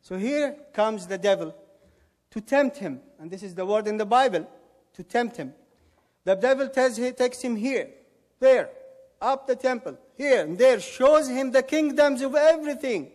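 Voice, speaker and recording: A man's voice: extremely high pitch, expressive, normal speed, darkish tone. A man giving an emphatic debate rebuttal, firing mocking rhetorical questions. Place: debate hall. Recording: echoey hall with long reverb.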